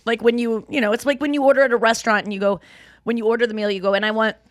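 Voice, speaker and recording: A woman's voice: on the high side, racing, dry recording. A woman in her thirties hosting a podcast, chatting casually and acting out the people in her stories. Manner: animated, mimics people in put-on voices. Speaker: podcast host. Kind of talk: casual chat.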